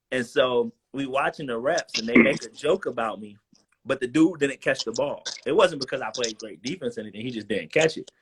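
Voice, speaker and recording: A young man, a former college football player, talks over a video call in loose, slangy storytelling and acts out the voices of the people in his stories. His voice is a little husky and sits at a middle pitch. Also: fairly bright tone. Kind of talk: casual storytelling interview.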